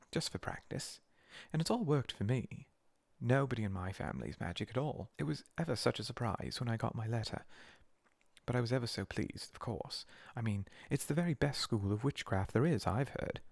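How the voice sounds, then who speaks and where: A man voicing a bossy, know-it-all young schoolgirl in a whispered role-play, chattering primly and quickly. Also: medium pitch, expressive, vocal fry, no echo. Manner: rapid, prim, self-assured chatter.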